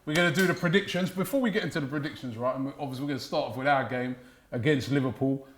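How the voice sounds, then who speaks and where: A man's voice: mid-range voice, racing, fairly bright tone. A man hosting a football chat show who steers the talk and sets up each topic with questions. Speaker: host.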